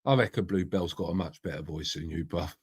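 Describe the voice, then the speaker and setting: A man's voice: low-pitched, a little fast, darkish tone, slightly rough. Chatty middle-aged man streaming. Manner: chatty, rambling, swears freely, greets viewers by name. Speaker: livestream host. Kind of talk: casual live-stream chat reading out comments.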